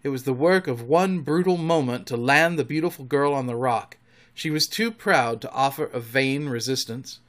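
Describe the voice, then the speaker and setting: A man reading a storybook aloud in an expressive, dramatic way. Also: medium pitch, normal speed. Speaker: narrator.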